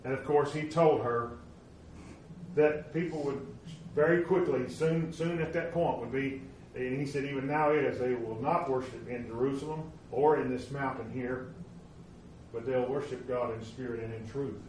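A man preaching a sermon, retelling stories and acting out the voices of the people in them, moving between loud emphatic lines and hushed ones. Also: mid-range voice, moderate pace. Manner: animated, acts out quoted voices, swings from loud to hushed. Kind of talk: sermon storytelling. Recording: very echoey room, from a distance, faint noise.

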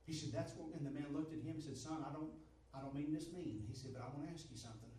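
Man, preacher. Storytelling sermon that swells into shouting, recorded from a distance in a reverberant sanctuary. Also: on the high side, a little hiss or hum. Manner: builds to shouted, climactic preaching with repetition; drawn-out, soft storytelling delivery. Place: church sanctuary. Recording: echoey hall from far off.

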